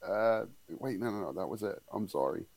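A man telling a story in casual chat, relaxed and rambling, with halting restarts. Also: on the low side.

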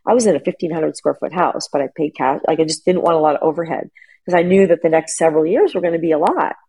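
A woman's voice: low voice, fast talker, warm tone, husky, low-quality recording. A middle-aged woman chatting casually as a guest, telling a long family story with lots of restarts and fillers. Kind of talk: casual chat.

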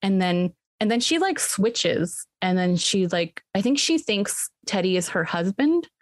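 A woman with a mid-range, sing-song voice casually retells a movie's plot to friends, unhurried, acting out the characters' lines. She fills her recap with "like" and "um," and the recording is dry.

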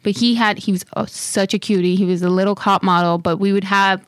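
Animated Miami woman telling stories. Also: mid-range voice, fairly quick, clear, resonant tone, no room sound. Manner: animated storyteller, acts out quotes. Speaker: podcast guest. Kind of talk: casual chat.

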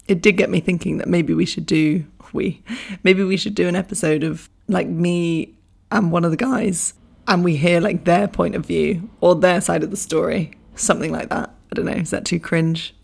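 Young woman podcast host, hoarse and croaky, gravelly lowish voice, chatty and laughing at herself. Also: steady tone, moderate pace, darkish tone. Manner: chatty, self-mocking, laughs often. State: hoarse, losing her voice. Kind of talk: casual solo podcast chat.

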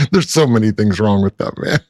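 A man's voice: on the low side, expressive, normal speed, darkish tone, no echo, studio quality. A man co-hosting a podcast, mostly giving brief reactions and short comments in casual chat. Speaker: podcast co-host.

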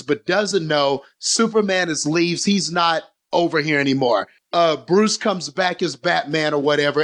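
A man with a fairly high voice talks through a film scene on a casual podcast. He rambles in an animated way, swearing now and then. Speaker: podcast co-host. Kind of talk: casual movie discussion.

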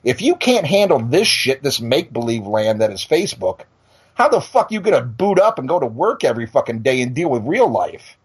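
A man's voice: medium pitch, very animated, brisk, breathy edge. A middle-aged male podcast host on a blunt, profane rant, tripping into restarts as he talks. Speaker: podcast and radio show host. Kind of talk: heated casual rant.

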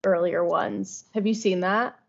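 A young woman tells stories on a podcast, lively and sometimes rushing through the details. Her pitch is mid-range. The recording is a little muffled and lo-fi. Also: gravelly. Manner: lively retelling, bursts of speed. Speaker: podcast co-host. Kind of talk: casual chat. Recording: slightly dull lo-fi podcast audio.

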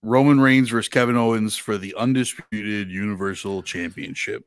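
A man's voice: lowish voice, fairly even intonation, normal speed, clean tone, no echo. Laughing man hosting a podcast call. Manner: laughs often, asks the questions. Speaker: podcast host. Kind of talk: casual chat.

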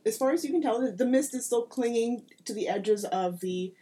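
A woman runs a tabletop role-playing game with a warm, mellow voice at a middling pitch. She rambles and jokes, restarting her sentences as she describes the scene. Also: lively intonation, normal speed, low-quality recording. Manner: rambling, jokey, many restarts. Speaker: game master.

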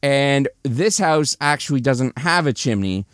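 Clear-voiced man casually recapping a movie. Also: medium pitch, unhurried, no room sound, clean studio sound. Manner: chatty, animated retelling with restarts.

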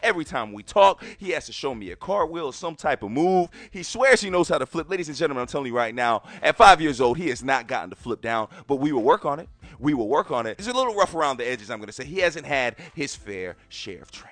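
A man in his thirties hosting a podcast, telling a personal story and repeatedly addressing his listeners directly in an animated way. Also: medium pitch, quick pace, dry recording. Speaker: podcast host.

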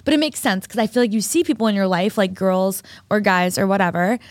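A woman's voice: mid-range voice, animated, a little fast, no echo, clean studio sound. A young woman co-hosting a podcast, telling a story in casual chat with lots of fillers. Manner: chatty, storytelling with many fillers. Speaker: podcast co-host.

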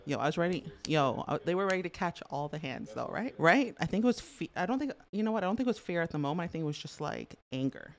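Speaking low and quickly with hardly any pauses, a middle-aged woman from Canada tells stories as a guest on a podcast's casual interview chat. The recording is dry; she's animated, packs in frequent fillers, and laughs a lot.

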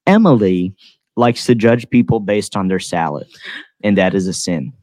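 A man's voice: fairly low pitch, normal speed, a little mellow, dry recording. A young man hosting a podcast, chatting casually in a joking, rambling way. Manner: joking, rambling, self-deprecating. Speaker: podcast host. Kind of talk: casual chat.

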